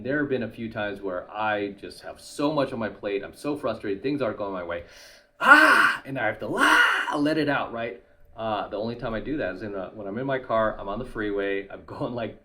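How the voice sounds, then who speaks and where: A man hosting his channel, giving other men advice in a casual monologue and tagging nearly every point with "right?". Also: lowish voice.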